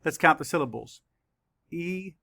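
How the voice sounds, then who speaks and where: A male teacher giving a spelling lesson to children, slowly spelling out words letter by letter. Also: a little high, a bit bright, no room sound. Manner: slow, deliberate letter-by-letter spelling.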